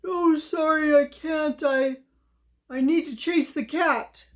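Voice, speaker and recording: Lazy storybook dog, high and loud, always making excuses; a woman voices it. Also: fairly even intonation, takes it slowly. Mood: refusing.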